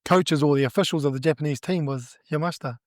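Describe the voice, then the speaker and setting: A middle-aged man with a New Zealand accent, a judo coach telling stories in a casual interview, animated and laughing as he acts out what people said. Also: on the high side, fast, dry recording, clean studio sound.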